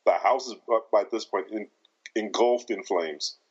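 A man co-hosting a film podcast in casual chat, laughing often and retelling scenes with lively impressions. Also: lowish voice, moderate pace, breathy edge, highs cut off. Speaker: podcast co-host.

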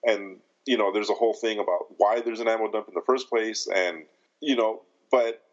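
Man in his 50s, low voice, halting thoughtful podcast chat. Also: muffled recording. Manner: thoughtful, hesitant, many restarts. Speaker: podcast co-host. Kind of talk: casual chat.

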